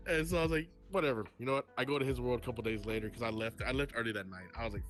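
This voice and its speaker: A congested man tells a story, swearing freely and breaking into laughter. He talks at an average pitch. Faint music plays behind his voice chat. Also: animated, quick pace, fairly bright tone. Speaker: podcast co-host. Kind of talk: casual podcast chat. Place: voice chat in a virtual-reality app.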